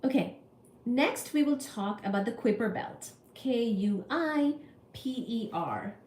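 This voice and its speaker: Slow-talking woman streamer in an echoey room. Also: a little high, expressive, a little mellow. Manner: chatty and apologetic, reads viewer comments aloud. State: recovering from illness. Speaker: livestream host teaching physics. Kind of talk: casual livestream chat with viewers. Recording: echoey room with faint ambience.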